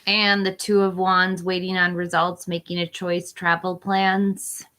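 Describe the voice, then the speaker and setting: Woman, 40s, live tarot reader, bright tone, voice going hoarse, clipped card-by-card delivery. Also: fairly low pitch, flat delivery, unhurried. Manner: reads card meanings in short listed phrases. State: losing her voice. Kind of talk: live-stream tarot reading.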